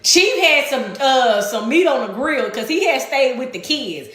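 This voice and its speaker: Woman spilling a wild story, voice way up high and swooping all over, cussing and laughing, super echoey room. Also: unhurried, slight background noise. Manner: animated, profane, laughs while telling. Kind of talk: casual storytime.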